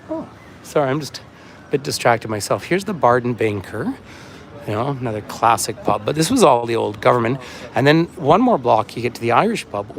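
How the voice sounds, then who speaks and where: A chatty man guides a livestreamed walking tour along a city street, rambling from sight to sight and reading viewers' comments aloud. His voice sits at an ordinary middle pitch, caught on a phone carried as he walks, with faint traffic noise around him. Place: outdoors on a city waterfront street.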